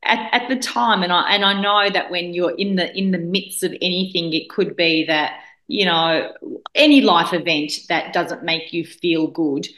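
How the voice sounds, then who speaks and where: A woman's voice: on the low side, moderate pace, a bit bright. A woman in her forties who grew up in Australia, a guest telling a personal story in an earnest way, often restarting her sentences. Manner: earnest, with frequent restarts and fillers. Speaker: guest speaker. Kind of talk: reflective storytelling in conversation. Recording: roomy echo.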